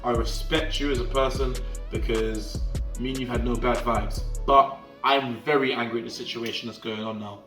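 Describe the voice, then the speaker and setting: A young man telling a story in an animated, slangy way, often checking that the listener follows him. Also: mid-range voice, normal speed, echoey room, soft background music. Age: young adult. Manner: animated slangy storytelling, often asking the viewer "do you get what I'm trying to say". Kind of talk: casual storytime vlog.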